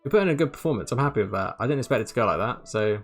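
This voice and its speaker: A man giving casual, excitable commentary on a football management game, chatty and laughing often, sometimes tripping over his words. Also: medium pitch, rapid-fire, soft background music. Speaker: gaming YouTuber.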